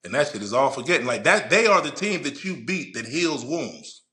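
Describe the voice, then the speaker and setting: A man in his forties, a podcast guest and former player and coach, telling stories in a loud, profane, emphatic way. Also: mid-range voice, moderate pace. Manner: animated, profane, emphatic storyteller. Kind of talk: casual podcast chat.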